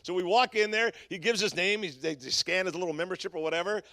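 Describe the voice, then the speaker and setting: High, bright-voiced pastor preaching. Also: male voice, fast talker, no room sound. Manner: storytelling, animated and humorous. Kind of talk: sermon.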